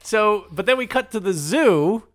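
Man, slightly high voice, casual crude movie-recap banter, does silly character bits. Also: animated, a little slow.

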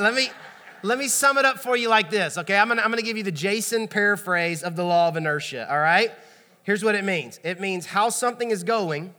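Man, pastor, high voice, conversational sermon, reverberant church hall. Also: expressive, normal speed, sharp tone. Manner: conversational, prods the congregation. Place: church auditorium.

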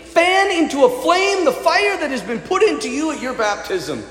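A man's voice: very high-pitched, sing-song, moderate pace, fairly bright tone, pitched above the performer's own voice, full character voice. A man voicing an older apostle who gives a firm, encouraging pep talk to a young friend. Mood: urging. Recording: echoey church hall reverb.

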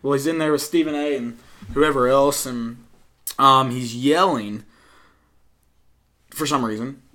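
A man's voice: medium pitch, measured pace. A young man from Tennessee co-hosting a casual sports podcast, rambling with many fillers. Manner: rambling, many fillers, mock-yells impressions. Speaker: podcast co-host.

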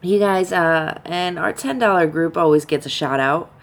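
A woman's voice: lowish voice, moderate pace. A woman co-hosting a casual podcast, rambling with many ums and uhs. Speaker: podcast co-host.

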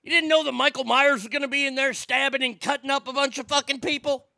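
A man's voice: very high-pitched, steady tone, fast, vocal fry, bright, forceful tone, dry recording, clean studio sound. A man telling a story as an angry, swearing rant, heated and indignant.

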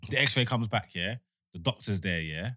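A young man telling an excitable, slang-heavy story in casual chat. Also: lowish voice, moderate pace, no room sound, clean studio sound. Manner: slangy, excitable, repeats "you get me".

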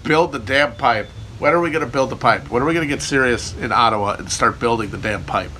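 A man with a bright, forceful voice riffs loosely through viewer questions on a casual stream. His delivery is irreverent and jokey, sprinkled with profanity. There is a faint hum of background noise. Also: mid-range voice, fast talker. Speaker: livestream host answering chat. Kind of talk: casual rambling chat.

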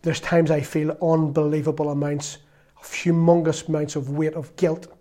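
A man in his fifties preaching a sermon in an earnest, conversational way, at times dropping to a soft confessional tone. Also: on the high side, level tone, moderate pace. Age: 50s.

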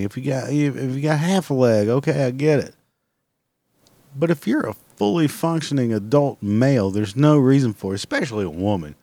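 A man's voice: medium pitch, no room sound. Exasperated man in a profane rant. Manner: exasperated, swears constantly, loud outbursts.

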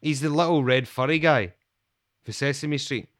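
A man's voice: medium pitch, moderate pace, a bit bright. A man hosting a podcast, bantering in a cheeky, teasing way. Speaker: podcast host. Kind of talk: playful casual chat.

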